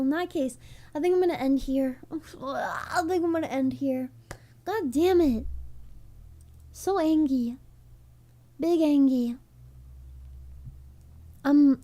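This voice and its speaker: High-voiced, unhurried streamer woman. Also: mellow. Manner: casual and profane, repeats her own phrases. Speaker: VTuber streamer. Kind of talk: casual livestream chat.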